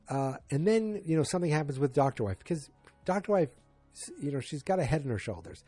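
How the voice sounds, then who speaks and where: A man's voice: a little high, animated, fairly quick, dark tone, no echo, faint music behind. A man in his forties hosting a casual solo podcast recap, rambling with many fillers and restarts and throwing in exasperated asides. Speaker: podcast host.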